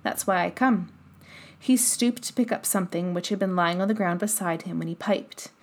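A woman narrating a children's novel in calm, even storytelling. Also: fairly low pitch, brisk. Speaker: audiobook narrator. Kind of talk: scripted narration.

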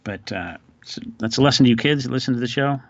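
A man's voice: medium pitch, fast talker, muffled recording. A man hosting a podcast, telling stories in a loose, rambling, wry way. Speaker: podcast host. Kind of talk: casual chat.

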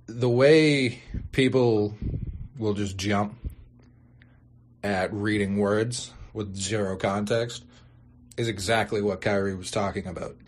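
A young man hosting a sports podcast, ranting and swearing, his voice jumping high when outraged. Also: takes it slowly, pauses often, a little hiss or hum. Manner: exasperated, swearing, bursts into high-pitched outrage. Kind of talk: profane ranting podcast intro.

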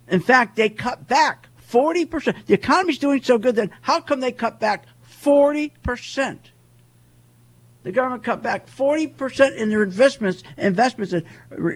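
A man's voice: sits high, slightly rough. A man giving a heated, repetitive monologue as a market commentator, firing off rhetorical questions. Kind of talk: ranting monologue.

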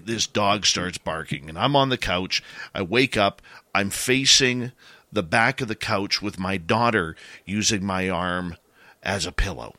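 A middle-aged man telling a ghost story in a casual, animated way, getting louder at the scary parts. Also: fairly low pitch, no echo.

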